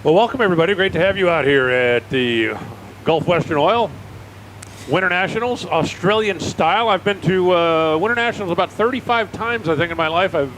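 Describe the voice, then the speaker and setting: A man's voice: high-pitched, fairly quick, rough recording. A middle-aged American man doing chatty, folksy live drag racing commentary at an outdoor raceway. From United States. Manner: chatty, folksy, animated storyteller. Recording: faint outdoor engine noise.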